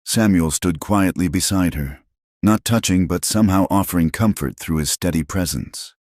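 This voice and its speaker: A man with an extremely deep voice narrates a western tale in a steady, scripted storybook style. The sound is close and dry, with no room around it. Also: moderate pace, no echo.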